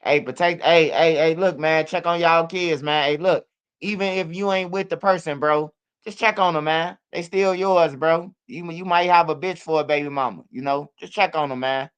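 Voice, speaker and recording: Male street-news commentator: slangy and profane, rambling, fairly high and smooth. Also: steady tone, normal speed, a bit bright, muffled recording.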